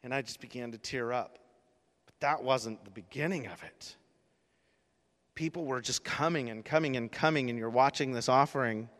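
A man preaches from the pulpit in a voice of middling pitch, telling a heartfelt story that builds to emphatic peaks. The sound carries a long reverb from a large church hall. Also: fairly bright tone. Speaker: pastor. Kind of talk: sermon.

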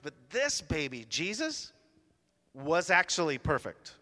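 A man's voice: high-pitched, expressive, moderate pace, bright, forceful tone, big-room sound. A middle-aged man preaching a sermon, telling a chatty story with playful asides. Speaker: pastor.

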